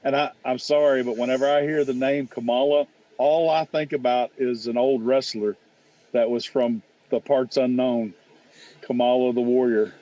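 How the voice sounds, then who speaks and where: A man's voice: mid-range voice, steady tone, normal speed, mellow, highs cut off. A man with a Southern US accent joking with friends on a remote podcast, often repeating himself as he gets going. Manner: joking, stumbles and repeats words. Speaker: podcast co-host. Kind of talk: casual remote chat.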